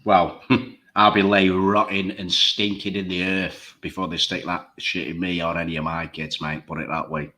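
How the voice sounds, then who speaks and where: A man's voice: sits low, little pitch movement, normal speed, sharp tone. A man talking bluntly and emphatically in a casual chat show, swearing freely.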